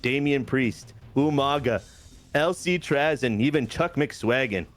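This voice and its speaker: A man's voice: medium pitch, unhurried, natural voice. A man putting on a cocky Canadian wrestling champ. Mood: boastful. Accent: put-on Canadian. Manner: loud, boastful, taunting. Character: boastful male wrestling champion, brash and cocky.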